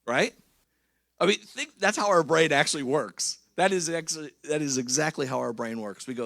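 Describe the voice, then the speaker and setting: A man's voice: fairly high pitch, normal speed, vocal fry, a bit bright, no echo, studio quality. A man preaching a conversational sermon in a church. He talks in a chatty, jokey way and keeps checking in with the congregation. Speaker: pastor.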